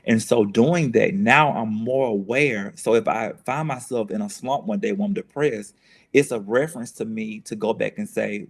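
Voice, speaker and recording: A man's voice: fairly low pitch, normal speed. A man, speaking as a guest in an earnest, reflective conversation, often restarting and repeating phrases as he works through his thoughts.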